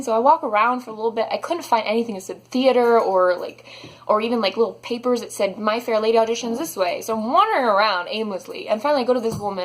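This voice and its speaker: A young woman telling a storytime vlog, animated and dramatic, saying "like" a lot. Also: a little high. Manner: animated, dramatic, heavy use of "like". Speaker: vlogger.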